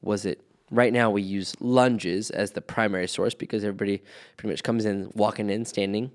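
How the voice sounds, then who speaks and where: A man's voice: lowish voice, steady tone, a little fast. A man who works in movement therapy, explaining an assessment framework in a methodical, step-by-step way. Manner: methodical, lists terms step by step. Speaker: movement practitioner. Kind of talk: conversational explanation.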